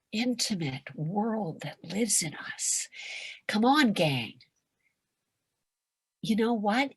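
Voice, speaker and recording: A woman's voice: mid-range voice, vocal fry, husky, no echo. Brief: older woman, veteran stage performer, theatrical motivational speaker on a video call. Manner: theatrical, acts out quoted voices, swings from loud to hushed. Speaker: guest performer and coach. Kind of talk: animated motivational talk.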